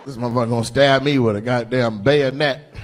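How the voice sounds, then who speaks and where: A man doing stand-up comedy and crowd work on a club stage, loud and animated, swinging between shouts and mutters, recorded live with a stage mic. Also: medium pitch, fairly quick, noisy background.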